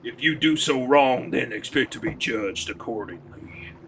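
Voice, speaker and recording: A man's voice: medium pitch, lively intonation, a little slow, gravelly, fairly bright tone, a little hiss or hum, pitched below the performer's own voice, low-quality recording. A man voicing a Bible-quoting Southern American preacher in a solemn, sermonizing drawl.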